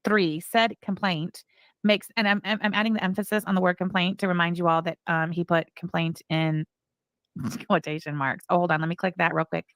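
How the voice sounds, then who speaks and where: A woman's voice: fairly low pitch, fairly even intonation, fairly quick, dry recording. A woman hosting a commentary stream, reading court filings aloud with sarcastic, mocking asides. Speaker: commentary channel host.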